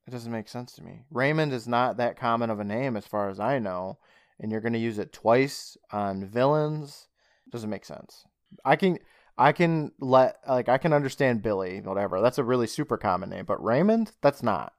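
His pitch is medium and his speed normal as this podcast co-host chats through a show's plot, bringing the characters' lines to life. Audio is echo-free and studio grade.

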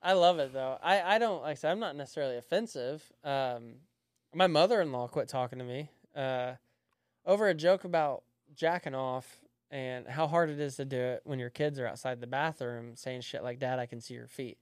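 A man's voice: medium pitch, normal speed, clear, resonant tone, no room sound. A man in his thirties, a comedian guest on a podcast, telling profane stories in casual chat and acting out what people said to him. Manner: profane storytelling, acts out quoted voices.

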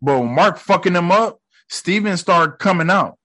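An excitable man with a fairly high voice talks through a show scene by scene in casual reaction commentary. He swears freely, leans on slang and jumps in to act out characters' lines. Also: moderate pace. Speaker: reaction video host.

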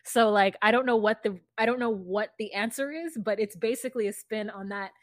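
A woman's voice: mid-range voice, fairly quick, no room sound. A woman in her thirties co-hosting a podcast, chatting casually and frankly about reality TV. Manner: frank, blunt opinions with a laugh. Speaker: podcast co-host. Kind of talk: casual chat recapping reality TV.

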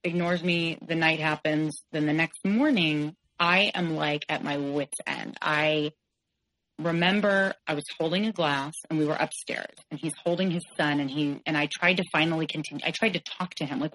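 A woman with a low, deep voice recounts her own past in a podcast interview. She speaks frankly and haltingly, trailing into fillers and restarting her sentences. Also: fairly bright tone, low-quality recording. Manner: frank, halting, with many "like"s and self-corrections. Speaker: podcast guest. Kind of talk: candid personal storytelling.

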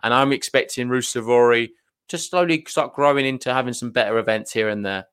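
A man's voice: medium pitch, fairly quick, a bit bright, smooth. A man co-hosting a podcast, talking earnestly in casual chat, hedging and repeating himself. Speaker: podcast co-host.

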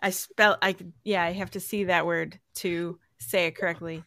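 A woman's voice: lowish voice, steady tone, normal speed, vocal fry, pushed and bright, no room sound. A woman who grew up near Chicago, hosting and chatting casually with curious interest. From Midwest US, near Chicago. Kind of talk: casual conversation.

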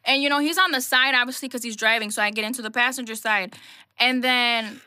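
A young woman telling a crude, animated dating story in casual chat, swearing and laughing often. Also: on the high side, brisk, clean tone, dry recording, clean studio sound.

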